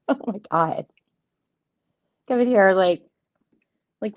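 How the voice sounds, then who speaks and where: A woman's voice: fairly low pitch, measured pace, long pauses, a little mellow. A woman in her thirties or forties hosting a live tarot stream from home, chatting casually and laughing often. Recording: dull lo-fi stream audio.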